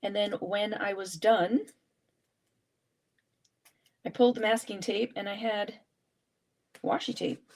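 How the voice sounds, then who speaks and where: A woman's voice: medium pitch, steady tone, takes it slowly, pauses often, a little mellow. A woman hosting a live art journaling session, chatting and thinking aloud as she works through a casual craft demonstration.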